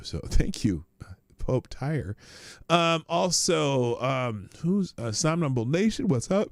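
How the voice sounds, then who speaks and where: A middle-aged man from Omaha, Nebraska, hosts a casual livestream, rambling and chatting offhandedly with the occasional swear word. His voice is very animated, bouncing between high and low pitch at a normal speed. There's no room sound in the recording.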